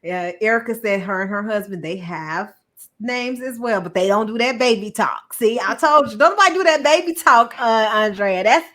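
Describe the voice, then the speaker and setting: A woman co-hosting a casual chat, animated and playful, fond of mimicking voices. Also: a little high, moderate pace. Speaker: podcast co-host.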